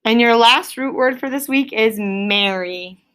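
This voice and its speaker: Bright, somewhat high woman teacher in a classroom, stretching out spelling words for third graders. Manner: clear, drawn-out word sounding. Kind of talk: classroom phonics lesson.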